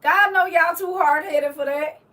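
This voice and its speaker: A woman hosting a live stream and preaching casually, animated and teasing as she talks straight to her audience. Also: extremely high pitch, a little slow, recorded from a distance. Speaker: livestream host preaching.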